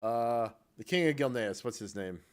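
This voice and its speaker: A man's voice: mid-range voice, animated, normal speed. A man co-hosting a casual video game podcast, talking in a rambling, hesitant way. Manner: rambling, hesitant, lots of fillers and restarts. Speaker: podcast co-host. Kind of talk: casual chat about video games.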